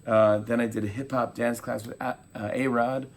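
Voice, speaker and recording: A man in his forties, a talk show host, telling animated stories in a casual interview and acting out quotes. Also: medium pitch, normal speed. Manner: animated storyteller, acts out quotes.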